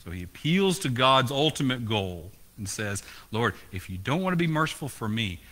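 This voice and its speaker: A man's voice: mid-range voice, sing-song, normal speed, bright, forceful tone. A man preaching a sermon as pastor, asking the congregation questions, his voice rising and falling. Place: church.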